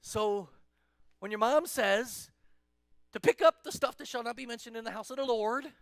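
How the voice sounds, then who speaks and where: A man teaching a children's church lesson in a playful, animated storytelling manner. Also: very high voice, normal speed, creaky, no room sound. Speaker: children's pastor.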